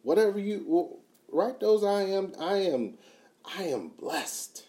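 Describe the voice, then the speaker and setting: A man giving a motivational talk, emphatic and repetitive, swinging from quiet to loud. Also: high voice, lively intonation, slow pace. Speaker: motivational speaker.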